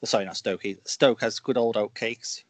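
Brief: Black Country man, wrestler guest in casual podcast chat, animated storyteller, dry close sound. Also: lowish voice, normal speed, no echo. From Dudley, Black Country, England. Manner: animated storyteller, acts out quoted lines.

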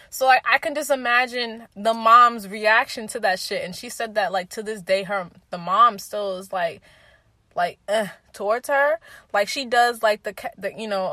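A woman's voice: fairly high pitch, no room sound. A woman in her twenties speaking casually and candidly, swearing freely and acting out quoted remarks as she tells stories. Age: 20s. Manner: candid, profane, animated storytelling with quoted voices. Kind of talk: casual opinion talk.

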